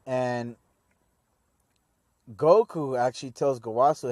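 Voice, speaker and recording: A man's voice: mid-range voice, expressive, a little slow, a little mellow, no echo, clean studio sound. A young man hosting an anime review, recapping an episode in a rambling, slangy way and mock-voicing the characters. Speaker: anime review channel host.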